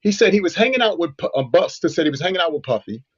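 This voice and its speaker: A man's voice: on the high side, very animated, very fast, breathy edge, highs cut off. A man co-hosting a radio show, telling a story animatedly with lots of "you know" fillers. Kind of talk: casual radio chat, storytelling.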